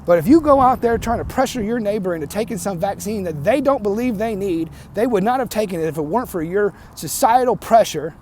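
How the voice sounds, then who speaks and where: Male vlogger, higher-pitched voice, heated profane rant to camera, talks in bursts and restarts; good for an opinion-piece video. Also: animated, brisk, few pauses, warm tone, slight background noise.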